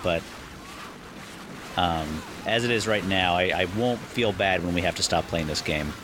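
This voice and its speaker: A man co-hosting a podcast, chatting casually while playing a game, animated and quick to laugh. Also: low-pitched, background noise. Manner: animated, laughs often, thinks aloud. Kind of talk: casual gameplay chat.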